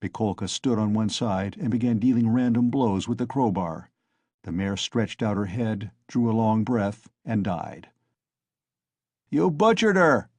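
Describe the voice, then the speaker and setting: A man narrating an audiobook in a steady storytelling manner on a close mic. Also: on the low side, moderate pace, dry recording. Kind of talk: scripted narration.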